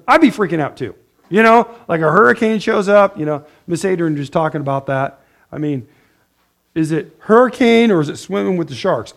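A man's voice: high-pitched, gravelly. A man preaching a conversational sermon as a pastor, chatty and joking, often checking in with the room with "right?". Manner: chatty, asks the room "right?", laughs at own jokes.

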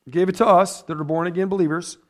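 A man preaching a sermon in church in a loose, conversational way, often checking in with his listeners with a quick "right?" or "amen?". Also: high-pitched, fairly even intonation. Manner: chatty, tags points with "right?" and "amen?". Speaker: pastor.

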